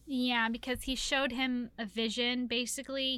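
A woman's voice: fairly high pitch, moderate pace, clear, resonant tone. A woman co-hosting a podcast, recapping a book in casual chat with lots of swearing and acted-out quotes. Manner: animated, swearing, acts out characters' lines. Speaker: podcast co-host.

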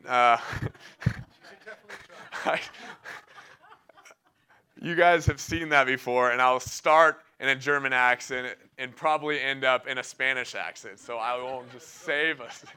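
A man's voice: medium pitch, slow, pauses often, sharp tone. A young man giving a sermon in a casual, enthusiastic way, telling a personal story and often laughing between phrases. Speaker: preacher.

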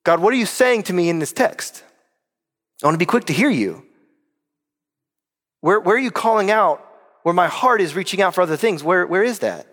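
A man's voice: high voice, expressive, moderate pace, pauses often, a bit bright, in a large hall. A middle-aged man preaching a conversational sermon in a church, emphatic and full of rhetorical questions. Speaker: pastor. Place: church sanctuary.

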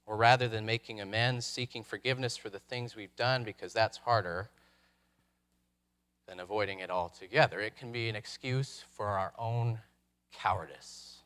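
A man preaching a sermon, reflective, posing rhetorical questions with dramatic pauses. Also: fairly low pitch, a bit bright. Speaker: pastor.

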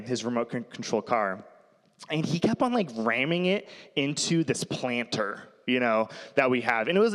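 A man in his thirties preaches with a casual, rambling warmth, slipping into family stories and laughing as he goes. His voice sits a little high. It rings with a long reverb, as in a church sanctuary. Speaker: pastor. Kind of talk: sermon with personal stories.

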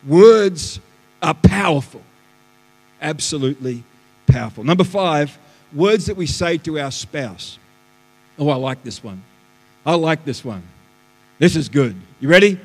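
Animated pastor in a reverberant hall. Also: male voice, on the high side, measured pace, pauses often. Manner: animated, swings between loud and hushed. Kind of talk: sermon. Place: church auditorium. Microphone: live stream stage mic. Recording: live church hall reverb.

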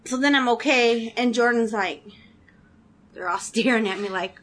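A woman in her thirties, a mother, casually telling a funny story about a mishap with a relaxed, laughing manner. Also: a little high, normal speed.

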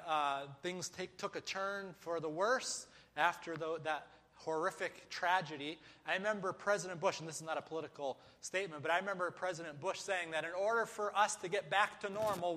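A high-voiced man delivers a sermon from a church sanctuary, his words trailing off into a long hall echo. He preaches emphatically, asking rhetorical questions and hammering phrases through repetition. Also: pushed and bright. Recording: echoey hall.

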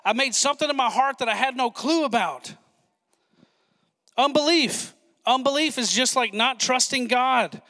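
High bright guy pastor preaching fast and excited, big church reverb. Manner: excited, fast-talking preaching with asides to the congregation. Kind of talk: sermon.

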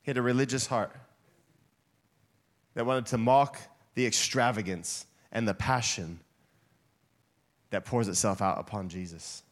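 A man preaching a sermon in a church hall, lively and playful, getting the congregation to shout along with him. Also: medium pitch, a little slow, long pauses. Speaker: guest preacher.

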